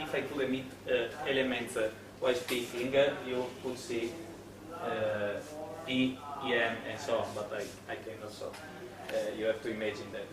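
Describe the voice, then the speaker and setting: Hesitant lecturer in an echoey room. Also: male voice, mid-range voice. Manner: hesitant, many fillers and restarts. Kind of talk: classroom lecture on web development. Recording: echoey room, mic at a distance, noisy.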